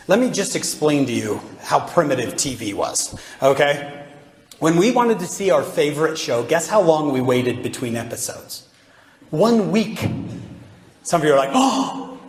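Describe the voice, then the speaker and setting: A man giving a humorous devotional talk, joking and quizzing his audience with questions. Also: a little high. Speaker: religious speaker. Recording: echoey hall with faint background noise.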